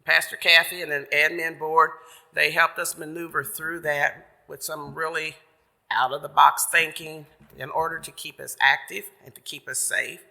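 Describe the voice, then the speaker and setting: A man telling a sermon story in a folksy, chatty way, paraphrasing as he goes. His voice is fairly high, gravelly and bright. A long church reverb hangs after his words. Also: level tone, normal speed. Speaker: church member giving the message.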